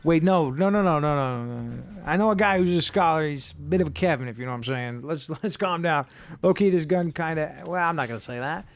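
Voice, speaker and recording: A man's voice: a little high, fairly quick, soft background music. A man commentating casually while he plays a shooter game. He rambles, jokes and swears freely. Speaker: streamer.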